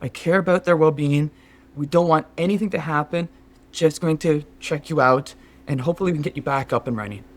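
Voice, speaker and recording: A man's voice: fairly high pitch, fairly quick, close to an everyday voice. A man playing a fawning, scheming Sherpa guide. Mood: mock-concerned. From Canada. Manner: fawning, mock-concerned, keeps saying sir. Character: scheming male Sherpa guide, overly polite. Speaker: podcast co-host. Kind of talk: improvised comedy sketch.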